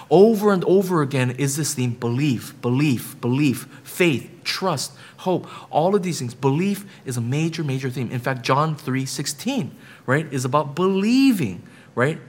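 A man preaching a sermon as pastor, building emphatic repetitions and often checking in with the listeners with "right?". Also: fairly high pitch.

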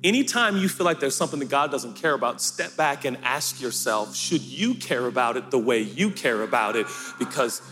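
A man preaching a sermon to a church, impassioned, swinging between hushed talk and shouting with a sing-song cadence. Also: mid-range voice, lively intonation, moderate pace, hardly any pauses. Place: church sanctuary. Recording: echoey hall with music behind.

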